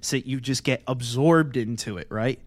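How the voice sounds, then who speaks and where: A man's voice: medium pitch, normal speed, dry recording. A man co-hosting a podcast in casual chat, laid-back and agreeable, swearing casually. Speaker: podcast co-host.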